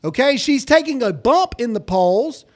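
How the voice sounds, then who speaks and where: A man hosting a casual political commentary show, animated and quick to laugh, often repeating words as he gets going. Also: very high-pitched. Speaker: podcast host.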